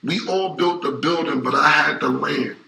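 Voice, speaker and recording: Gravelly, bright-voiced man in his forties. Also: a little high, moderate pace. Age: 40s. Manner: emphatic, repetitive, profane street talk. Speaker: interview guest. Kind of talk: casual interview talk. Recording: roomy echo.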